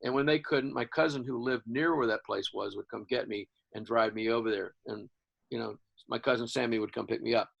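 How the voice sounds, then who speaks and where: Older man from Houston, gravelly voice, rambling animated storyteller, interview guest. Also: medium pitch, brisk, dull audio. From Houston, Texas. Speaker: guest musician.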